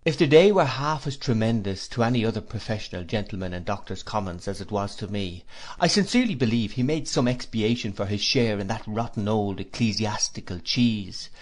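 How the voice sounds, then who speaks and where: A man giving a measured, expressive first-person audiobook narration. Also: on the low side.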